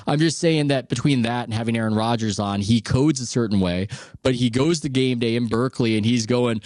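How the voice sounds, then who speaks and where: A man hosting a casual podcast chat, speaking candidly with a wry, musing edge and an easy laugh. His voice sits at a middling pitch. It sounds dry and close, with little room around it. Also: fairly quick, darkish tone, no echo. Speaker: podcast host.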